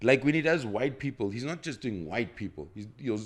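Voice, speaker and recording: Animated South African man hosting a podcast. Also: mid-range voice, brisk. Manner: animated, talks through points at length with restarts. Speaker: podcast host. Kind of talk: casual podcast chat.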